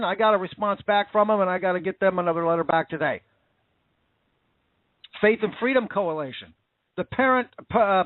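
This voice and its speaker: A man's voice: high voice, no room sound. Impassioned man on a tinny line. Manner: impassioned, repetitive, indignant. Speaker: talk show host. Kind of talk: casual political commentary.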